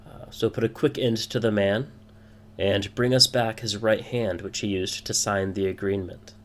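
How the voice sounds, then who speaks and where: A pompous, boisterous thieves' guild boss, as a man voices him for a tabletop game, lording it over his recruits in formal, grandiose phrasing. The voice is lifted a little above a low male register, with a faint hum in the background. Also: fairly even intonation, normal speed, lightly acted. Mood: grandly menacing.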